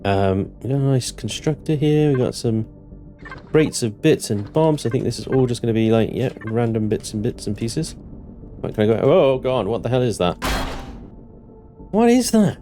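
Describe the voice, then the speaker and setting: A man's voice: medium pitch, normal speed, soft background music. Male gamer, mid-range voice, chatty self-talk that flips to comic panic. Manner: thinks aloud, swings into panicked yelling and joking curses. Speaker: gaming channel host. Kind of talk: let's-play commentary.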